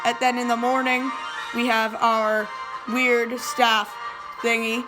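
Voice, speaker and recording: A woman's voice: on the high side, level tone, takes it slowly, over music. A woman casually introducing the next part of her video as its host.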